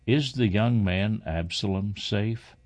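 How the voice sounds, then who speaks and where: A man's voice: fairly low pitch, slow pace, a little mellow. A man reading the part of an old king crying out in grief for his son. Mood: calm.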